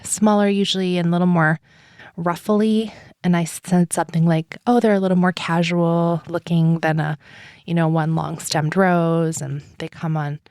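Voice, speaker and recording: Woman, podcast host, lower voice, chatty rambling storytelling, dry close mic. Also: a little mellow, no room sound. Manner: rambling and chatty, heavy on "like" and "um", laughs often. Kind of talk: casual personal storytelling.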